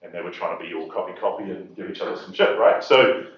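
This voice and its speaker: A man's voice: low-pitched, quick pace. Wry New man in an echoey hall. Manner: wry, chuckles at his own punchlines. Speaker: speaker at a property investors' event. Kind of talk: humorous storytelling talk to an audience. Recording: echoey hall, distant mic, dull sound.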